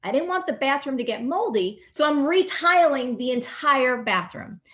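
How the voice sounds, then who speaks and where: Woman voicing her brisk, no-nonsense mother. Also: sits high, animated, fairly bright tone, pitched above the performer's own voice. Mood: unbothered. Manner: brisk, matter-of-fact. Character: tenacious no-nonsense handy mother, middle-aged.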